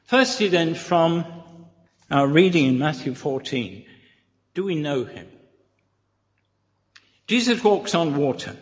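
A preacher delivers a sermon in a slightly high, sing-song voice at an unhurried, measured pace, earnestly and deliberately stressing each repeated line. The recording is muffled and lo-fi, with a long church reverb trailing every phrase.

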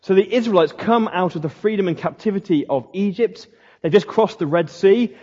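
A man's voice: a little high, dark tone. A man preaching a sermon in a conversational way, with slips and restarts. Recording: dull lo-fi sound in a reverberant hall.

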